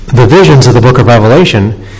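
A male pastor giving a sermon, reading scripture and leading prayer in a measured, solemn way in a church sanctuary. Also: mid-range voice, lively intonation, a little mellow, husky, in a large hall, poor audio.

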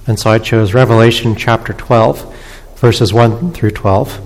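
A male pastor giving a sermon, reading scripture and leading prayer in a measured, solemn way in a church sanctuary. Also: medium pitch, a little mellow, big-room sound, rough recording.

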